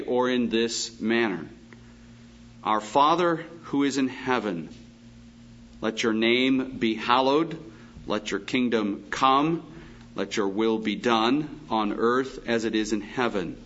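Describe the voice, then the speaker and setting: A male pastor preaching a Bible teaching sermon, reading scripture slowly and breaking off for emphatic asides. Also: mid-range voice, a bit bright, dull audio.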